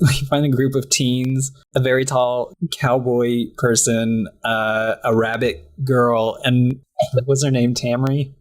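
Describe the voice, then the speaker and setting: A man co-hosting a podcast, chatting casually and acting out characters' lines in high voices while laughing often. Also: flat delivery, takes it slowly. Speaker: podcast co-host. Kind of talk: casual chat recapping a cartoon.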